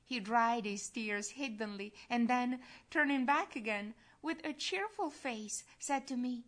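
A woman giving a slow, solemn, earnest devotional reading. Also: on the high side, fairly bright tone. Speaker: reader.

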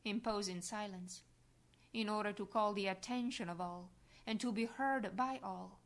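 A woman reading a devotional meditation aloud in a hushed voice that often drops to a whisper. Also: medium pitch, moderate pace. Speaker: reader.

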